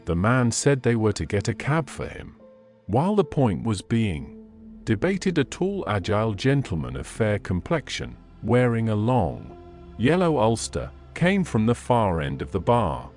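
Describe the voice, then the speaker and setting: Guy narrating an old story, lowish voice, super expressive, slow. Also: faint music behind. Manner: measured, expressive reading. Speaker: audiobook narrator. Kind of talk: scripted narration of a classic story.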